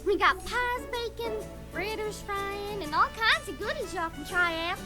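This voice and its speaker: A blabbering little farm filly from a cartoon game. The voice is extremely high and drawn out slowly, with game music loud in the background. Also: female voice, animated. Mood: eager. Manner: blabbering, folksy.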